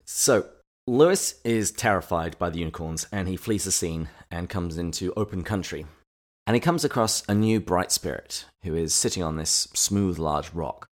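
Very deep-voiced man hosting a book podcast. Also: normal speed. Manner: summarizing and reflective. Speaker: podcast co-host. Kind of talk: casual book-discussion podcast.

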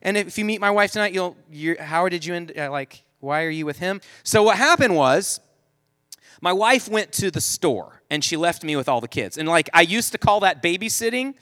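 A man's voice: a little high, pushed and bright, no room sound. A man in his forties telling a humorous family story to an audience, chatty and self-mocking, leaning on "like" a lot. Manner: loose, chatty, self-mocking, heavy use of "like".

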